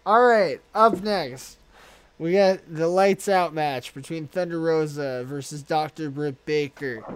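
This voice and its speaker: A man hosting a casual podcast chat, recapping excitedly with lots of swearing. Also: a little high, unhurried, smooth. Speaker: podcast host.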